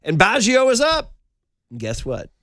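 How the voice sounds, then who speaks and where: A man's voice: high voice, a little slow. A middle-aged man hosting sports talk radio in a studio, telling stories with lots of fillers. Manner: animated storytelling, frequent fillers.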